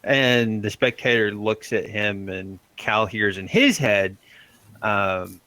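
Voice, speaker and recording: A man's voice: lowish voice, slow, sharp tone, dry recording, poor audio. A man running a tabletop game as game master, loose and laughing, with lots of fillers.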